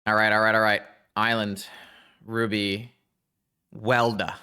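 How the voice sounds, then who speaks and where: A man giving casual live-stream gameplay commentary, thinking aloud and talking to his chat in a chatty, excitable way. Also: lowish voice, normal speed, smooth.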